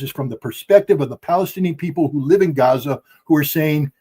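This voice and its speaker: A man's voice: fairly high pitch, fast talker, few pauses, warm tone, slightly rough. A middle-aged man giving heated, emphatic podcast commentary from home, blunt and impassioned. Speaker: guest commentator. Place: at home with dogs.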